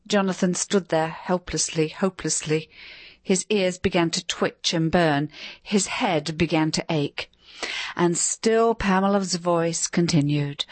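A woman narrating a story in a measured, expressive reading. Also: on the low side, dry recording. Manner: measured, expressive, varied delivery.

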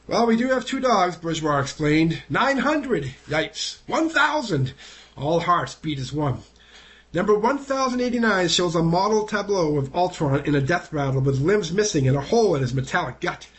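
A man with a high-pitched voice reads a local news feature aloud. He keeps an animated delivery and brightens noticeably whenever he voices quotations or calls out tallies. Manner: lively, lifts the voice for quoted speech and counted numbers. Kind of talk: reading a newspaper feature aloud.

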